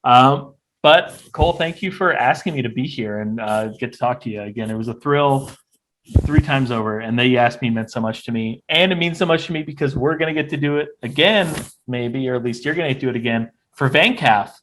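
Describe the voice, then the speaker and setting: A man's voice: medium pitch, fairly quick, background noise. Playful man hyping an event. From Canadian West Coast. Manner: playful, hypey announcer bits. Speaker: musician guest. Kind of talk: casual panel chat.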